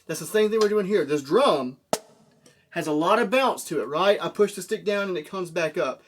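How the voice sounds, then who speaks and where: A man with a slightly high voice walks students through a drum lesson, breaking each move into small steps and checking in with his class as he goes. Faint drum strikes and clicks sit under his voice. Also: lively intonation, moderate pace, a little hiss or hum. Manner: explains step by step, asks checking questions like "okay?". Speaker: drum teacher. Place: room with a drum. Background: drum hits.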